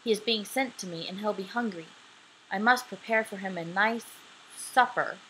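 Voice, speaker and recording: A woman's voice: mid-range voice, normal speed, pushed and bright, slight background noise, close to an everyday voice, poor audio. A young woman voicing the trickster god Loki in a home-recorded storybook reading, speaking his lines earnestly and hesitantly. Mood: flustered. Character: trickster god Loki, male, guarded and wary.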